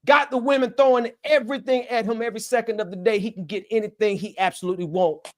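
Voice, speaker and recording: A man's voice: sits high, steady tone, quick pace. A man co-hosting a casual podcast chat, talking in an emphatic, preachy way with jokes mixed in. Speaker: podcast co-host.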